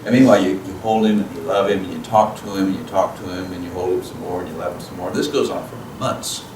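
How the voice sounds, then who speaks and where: A low-voiced man teaches at a parenting seminar in a plain, conversational way, slipping into short acted exchanges between parent and child. He sounds distant from the microphone, and the room gives his voice a strong echo. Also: steady tone, quick pace. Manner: plain-spoken, acts out parent and child dialogue. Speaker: guest speaker at a parenting seminar. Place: school event room. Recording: echoey room, voice from far off, noisy.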